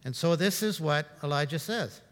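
A man preaching a sermon in a conversational, humorous way, swinging between loud and hushed. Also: a little high, lively intonation, moderate pace, long reverb tail.

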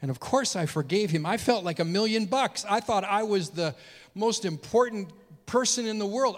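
A male pastor delivers a sermon, earnestly recounting a personal story at a normal pace. His voice is expressive, sinking low and quiet before swelling loud and high when emotion takes him. The recording carries the reverb of a large hall.

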